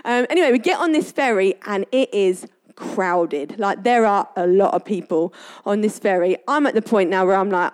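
A woman's voice: mid-range voice, normal speed, a little mellow. A woman giving a casual devotional talk, telling family stories in a chatty way and often laughing. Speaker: Christian speaker.

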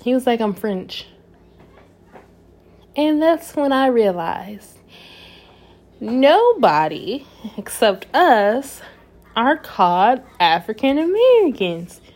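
A young woman talking to camera in a casual personal monologue, swinging between soft musing and loud, emphatic outbursts. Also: a little high, big pitch swings, takes it slowly.

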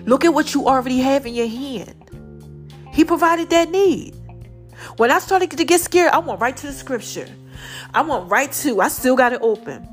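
A woman's voice: high-pitched, animated, brisk, soft background music. A woman giving an impassioned faith testimony to her viewers, speaking through a tight throat, emphatic and repeating herself for stress. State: tight, constricted throat, a little choked up.

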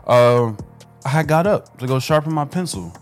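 A young adult man co-hosting a casual chat, telling a story in an animated way. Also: medium pitch, moderate pace, faint music behind. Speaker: co-host.

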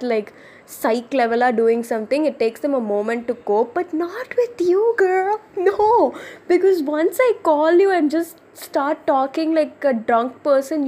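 A young woman rambles through a birthday message, playful and giggly. Her voice sits high but mellow and soft-toned, casual and affectionate. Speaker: friend leaving a birthday message.

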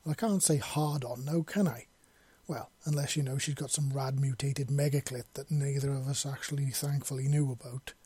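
A man's voice: mid-range voice, steady tone, moderate pace, mellow, slightly rough, no room sound, lightly acted. A man voicing a blunt, sardonic female robot who swears freely, in a fan fiction audiobook reading. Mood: wry. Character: sharp-tongued female robot, freed prisoner.

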